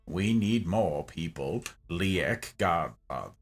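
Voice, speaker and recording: A man doing a deep, slow narrator. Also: animated, faint music behind, exaggerated voice. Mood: solemn. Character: deep, solemn male narrator. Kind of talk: reading a chat answer in a narrator voice.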